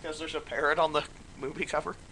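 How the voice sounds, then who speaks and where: A man's voice: fairly high pitch, level tone, sharp tone. A man hosting a let's play, joking and rambling in casual game commentary. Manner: joking, rambling, quick laughs.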